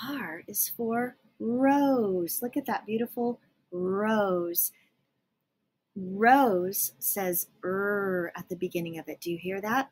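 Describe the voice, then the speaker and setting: A young woman teaching young children letter sounds, slowly and patiently sounding out each letter. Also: on the high side, expressive, husky. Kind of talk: phonics lesson for young children.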